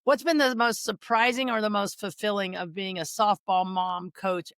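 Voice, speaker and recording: A middle-aged woman hosting a podcast interview, telling an animated story full of acted quotes. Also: medium pitch, normal speed, no echo. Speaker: podcast host. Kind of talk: casual interview chat.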